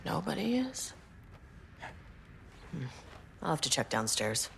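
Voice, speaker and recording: A terse, gravelly game agent. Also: female voice, big pitch swings, takes it slowly, fairly bright tone, a little hiss or hum, exaggerated voice. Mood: muttering. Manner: terse, low-key remarks to herself. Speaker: game protagonist. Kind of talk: video game voice acting.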